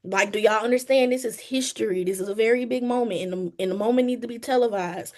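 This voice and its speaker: A woman's voice: fairly high pitch, fast talker. A woman giving an earnest, emphatic testimony on a group call, talking straight to her listeners. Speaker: team member giving a testimony. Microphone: phone or video call.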